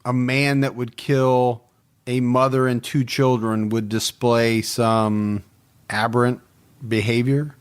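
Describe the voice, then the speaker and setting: A man's voice: mid-range voice, level tone, slow, clean tone. Teasing male podcast host. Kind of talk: casual chat.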